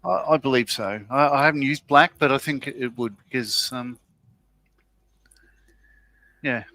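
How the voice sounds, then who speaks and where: A man's voice: mid-range voice, measured pace, sharp tone, a little hiss or hum. A man with an Australian accent chatting on a livestream, hesitant and prone to trailing off mid-sentence. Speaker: co-host of a live model-building stream. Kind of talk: casual live-stream chat.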